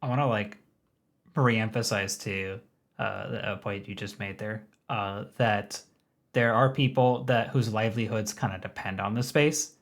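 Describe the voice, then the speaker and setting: A man hosting a podcast in casual discussion, measured and thoughtful with some fillers. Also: fairly low pitch, fairly even intonation. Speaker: podcast host.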